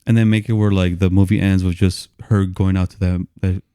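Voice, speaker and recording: A man co-hosting a casual movie review podcast, laid-back and quick to agree. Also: deep voice, flat delivery, dark tone, smooth, no echo, studio quality. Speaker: podcast co-host.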